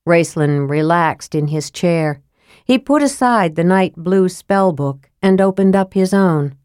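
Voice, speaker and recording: A woman narrating an audiobook in a steady, measured reading style. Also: fairly low pitch, clear, resonant tone, dry recording, studio quality.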